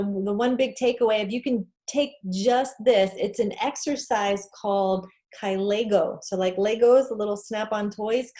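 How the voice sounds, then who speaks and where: A woman's voice: mid-range voice, darkish tone. A woman presenting an online talk, speaking in an encouraging, conversational way with many fillers, through a computer mic on a video call.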